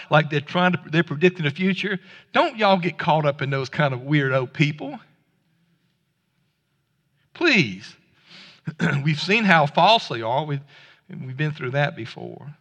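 A male pastor delivers a casual, down-home sermon, tripping over and restarting his words as he goes. His voice sits high and sounds bright and forceful. It rings out with the long reverb of a church hall. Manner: conversational, folksy preaching with stammered restarts. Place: church sanctuary.

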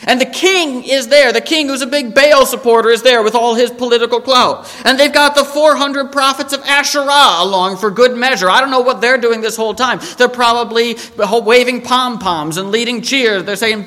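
A man preaching a sermon, animated and emphatic, quoting scripture and acting out the story. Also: very high-pitched, moderate pace, hardly any pauses, in a large hall. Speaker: pastor.

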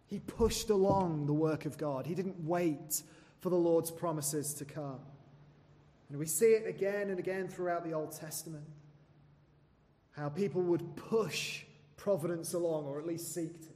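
A man preaching a sermon, earnest and questioning his listeners, sometimes dropping to a soft near-whisper and sometimes rising to loud emphasis. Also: fairly high pitch. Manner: swings between soft, dropped phrases and loud, emphatic ones. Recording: long reverb of a large hall.

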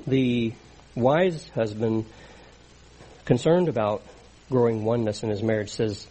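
A man's voice: mid-range voice, unhurried, pauses often, mellow, husky, poor audio. A middle-aged man preaching a sermon in an earnest, conversational teaching manner.

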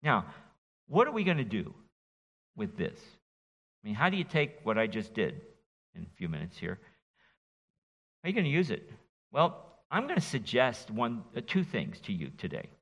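A middle-aged man preaches an expository sermon with a bright, forceful voice and lively, rising and falling inflection. He is folksy and teasing with his listeners. The sound carries a long echo from a church sanctuary. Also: mid-range voice, normal speed, long pauses, lo-fi sound. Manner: animated, folksy, jokes with the congregation. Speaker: pastor. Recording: reverberant church hall.

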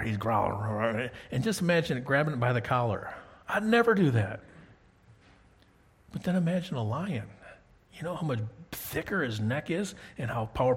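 Guy preaching a bible lesson, kinda husky voice, reads verses then talks it over w/ the crowd. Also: mid-range voice. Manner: reads scripture aloud, then asks the listeners questions. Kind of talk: conversational Bible teaching.

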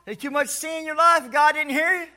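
A man preaching a sermon to a church congregation, folksy and calling for responses, sometimes shouting. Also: extremely high pitch, steady tone, a little fast.

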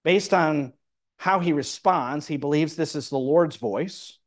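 A man's voice: on the high side, unhurried. A man preaching, explaining a Bible passage verse by verse and reading scripture aloud. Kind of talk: Bible teaching sermon.

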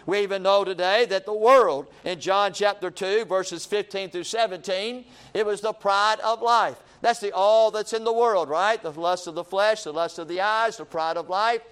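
A man's voice: high-pitched, moderate pace, few pauses, fairly bright tone, smooth. A man preaching a sermon in a repetitive, rhythmic cadence, calling his listeners friend.

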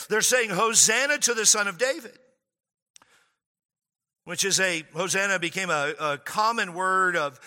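Pastor guy preaching, high and very bright voice, joking around, big echo in the church hall. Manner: animated and joking, stretching key words out. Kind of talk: sermon.

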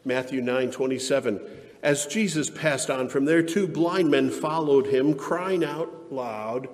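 A man's voice: medium pitch, a little slow, long reverb tail. A man pastor preaching a sermon in an earnest, emphatic way that rises into fervent passages.

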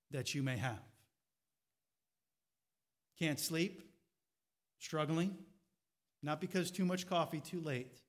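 High-voiced preacher delivering a sermon. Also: male voice. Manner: preaching with rising fervor and rhetorical questions; drops to a quiet, reflective tone at times. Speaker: pastor.

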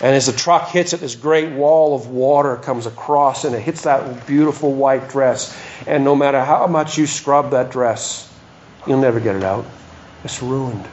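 A man's voice: mid-range voice, moderate pace, darkish tone, highs cut off, a little hiss or hum. A pastor preaching a sermon in a church hall, telling stories and then pressing his points with emphasis.

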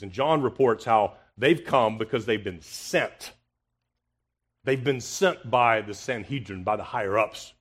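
A man preaching a confrontational expository sermon, asking rhetorical questions and swinging from loud emphasis to hushed tones. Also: lowish voice, unhurried.

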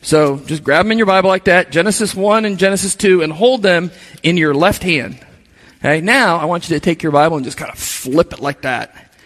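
A male pastor with a high voice delivers a sermon in a casual, conversational manner, turning to the congregation with asides. His voice rings out with a long reverb, as if in a large hall. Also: fairly quick, fairly bright tone.

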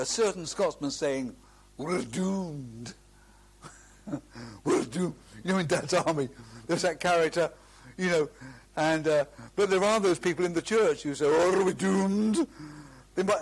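A middle-aged man preaching a sermon, earnest and emphatic, drawing out key phrases and often restarting. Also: on the high side.

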